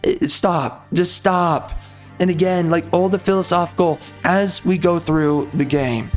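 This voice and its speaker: Man, game reviewer, ranting, sarcastic, high voice, faint music behind. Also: steady tone, unhurried. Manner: sarcastic, exasperated, blunt.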